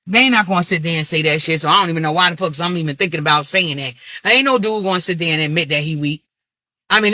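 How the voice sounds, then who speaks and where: Ranting to camera, this vlogger is blunt, animated, and profane, speaking candidly with an African American Vernacular English accent. Her mid-range voice carries no room sound.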